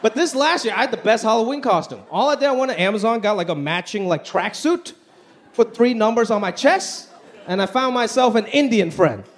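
During a stand-up performance before a live audience in a large theater, a man talks in a high, briskly paced voice with lively intonation. His delivery is conversational and punchy, with exaggerated impressions. Laughter and applause from the loud crowd come through, along with slight background noise.

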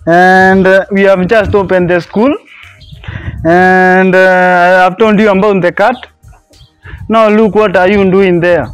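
A man's voice: sits high, flat delivery, slow pace, clear, resonant tone, no room sound, soft background music. A man playing a strict schoolteacher in a comedy skit, bossy and repeating his orders. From Kenya.

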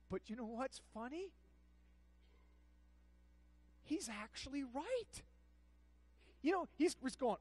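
Impassioned preacher swinging from hush to shout. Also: medium pitch, lively intonation, moderate pace, dry recording, low-quality recording. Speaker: pastor. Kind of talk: sermon.

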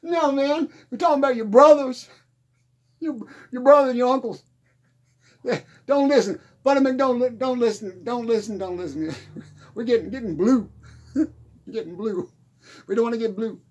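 A performer doing a rambling, husky country musician. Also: medium pitch, moderate pace, long pauses, natural voice. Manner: rambling, losing track, laughing at own jokes. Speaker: comedy character. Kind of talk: improvised comedy monologue.

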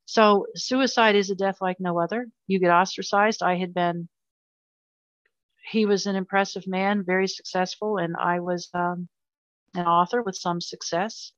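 Woman, older, interview guest, heartfelt storytelling, lowish voice, dry close sound. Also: steady tone, unhurried, dry recording, dull audio. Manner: emotional, earnest storytelling with repetitions. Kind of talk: personal story in a podcast interview.

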